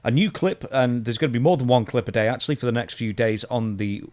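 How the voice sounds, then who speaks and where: A man's voice: medium pitch, fast, darkish tone. A man co-hosting a casual podcast, wrapping up the show in a rambling, dry way. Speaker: co-host.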